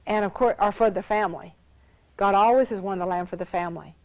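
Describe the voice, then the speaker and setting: A woman's voice: mid-range voice, a little mellow, dry recording, low-quality recording. Emphatic woman Bible teacher. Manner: emphatic, repeats phrases for emphasis; reads scripture aloud with rising emphasis. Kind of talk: teaching sermon.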